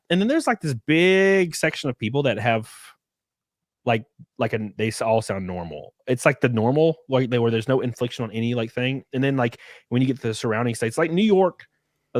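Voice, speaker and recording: Reading chat on a casual livestream, this young host speaks in a mid-range voice, swearing without restraint and stumbling through fillers and restarts as he rambles. The audio is studio quality and dry.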